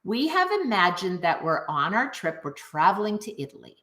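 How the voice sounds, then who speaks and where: A woman's voice: lowish voice, moderate pace. A middle-aged woman music teacher talking viewers through a lesson in an upbeat, chatty way. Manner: upbeat, animated, addresses viewers directly. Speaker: music teacher and program founder. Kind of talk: enthusiastic online teaching video.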